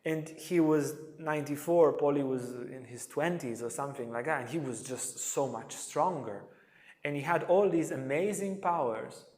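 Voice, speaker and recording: Brief: lively male yoga lecturer, slightly high voice, long hall reverb. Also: normal speed. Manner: animated storyteller, acts out quotes. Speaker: yoga teacher. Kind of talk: storytelling lecture. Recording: echoey hall.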